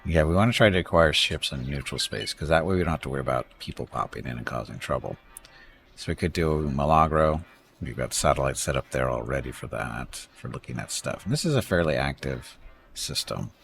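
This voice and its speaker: A very low, gravelly male voice with a lively, up-and-down delivery. He rambles in a chatty way as he streams a space strategy game, stopping to thank viewers and joke about how words are pronounced. Faint game music sits behind him. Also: brisk. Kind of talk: casual live-stream commentary.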